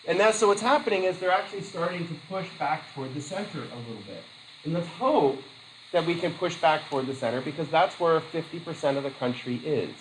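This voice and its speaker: A man teaching a class, telling chatty stories with asides and quick laughs. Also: on the high side, echoey room, slight background noise, low-quality recording. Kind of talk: classroom lecture with anecdotes.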